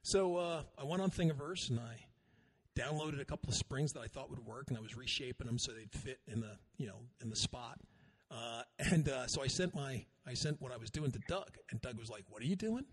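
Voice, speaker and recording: Husky man telling a rambling story. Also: medium pitch, fairly quick. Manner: rambling, self-deprecating, laughs at himself. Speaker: podcast co-host. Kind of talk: casual chat, storytelling.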